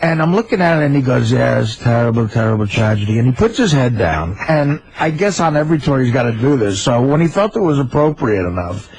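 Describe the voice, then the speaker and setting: A man telling a comic story on a radio talk show, animated and excitable. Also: fairly high pitch, a little fast, hardly any pauses, slight background noise, low-quality recording.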